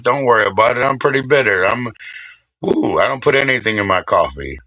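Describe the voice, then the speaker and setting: A man streaming live, rambling and swearing casually while he shouts out viewers by name. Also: medium pitch, expressive, fairly quick, no echo, rough recording.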